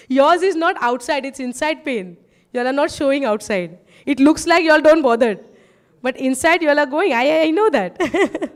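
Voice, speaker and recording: A high-pitched woman preaches to a congregation and tells her testimony. She keeps calling out to the crowd for answers, then turns quiet and low in her personal asides. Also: a little slow. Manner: asks the crowd "yes or no?", drops low and soft in asides.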